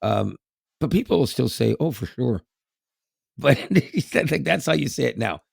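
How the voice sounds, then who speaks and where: A man's voice: mid-range voice, very animated, moderate pace, creaky, slightly rough, no room sound, studio quality. A man, co-hosting a podcast in casual chat, laughing often and repeating words. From Canada. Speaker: podcast co-host.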